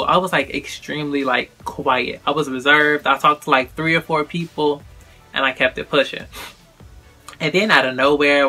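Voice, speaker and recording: A sassy young man chats straight to his viewers with a fairly high, bright voice, full of sis and girl. Faint music plays under his casual vlog talk. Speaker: vlogger. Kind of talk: casual chat to camera.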